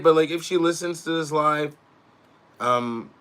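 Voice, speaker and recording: Brash middle-aged male host with a bright, sharp tone; profane, animated rant that swings from low mutters to loud outbursts. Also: unhurried, smooth. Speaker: podcast host, wrestler.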